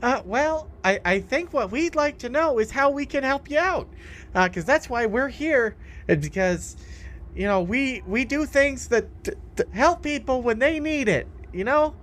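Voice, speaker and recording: A woman's voice: high-pitched, animated, a little slow. A woman playing a character in a tabletop game, playful and joking. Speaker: player.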